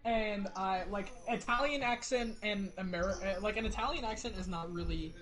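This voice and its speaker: A man's voice: high voice, normal speed, crowd noise, rough recording. A young man on a casual podcast, rambling with stammering restarts and casual swearing. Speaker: podcast guest, roleplayer.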